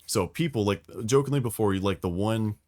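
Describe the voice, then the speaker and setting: A man talks through lore on a casual podcast, swearing freely and acting out quotes as he tells the story. His voice sits a little low. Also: fairly quick. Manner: profane, animated storytelling with acted quotes. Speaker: podcast host explaining lore.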